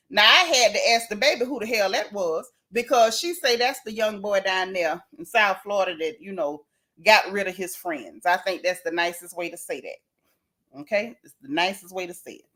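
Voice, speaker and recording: A middle-aged woman vlogger chatting to her viewers in a lively, exclaiming way. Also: mid-range voice, normal speed. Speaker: gossip vlogger. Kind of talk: casual commentary to viewers.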